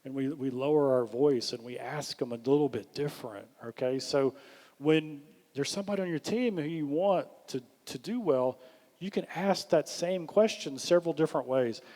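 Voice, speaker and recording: Animated man giving a workshop talk. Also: fairly high pitch, normal speed. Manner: animated, acts out questions in a lifted voice. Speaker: workshop speaker. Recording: long hall reverb.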